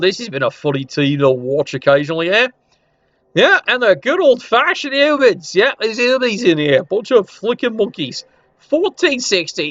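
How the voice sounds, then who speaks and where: A man's voice: high-pitched, fairly bright tone, no echo, highs cut off. A man giving casual, wry commentary while reviewing a league, swearing now and then. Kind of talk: casual commentary over screen.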